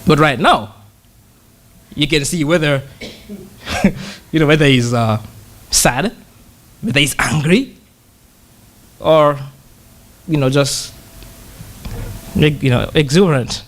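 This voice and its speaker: A man preaching to his congregation in an easy conversational way, with a somewhat high voice. He pauses often and repeats words as he gathers his thoughts, then slows right down to read scripture. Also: fairly bright tone. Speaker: church brother preaching. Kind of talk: conversational sermon.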